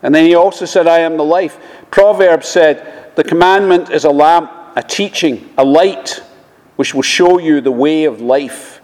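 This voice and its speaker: A man preaching a sermon, speaking slowly and measuredly, often quoting scripture. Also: fairly high pitch, darkish tone. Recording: long reverb of a large hall.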